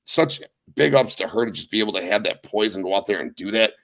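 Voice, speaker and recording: A young man hosting a casual wrestling recap podcast, talking with excited, profane emphasis. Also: fairly low pitch, quick pace. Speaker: podcast host.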